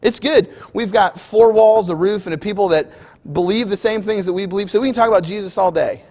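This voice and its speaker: A man's voice: sits high, brisk, darkish tone. A male preacher giving a conversational sermon, acting out everyday scenes for the congregation in a church. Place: church auditorium. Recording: long hall reverb.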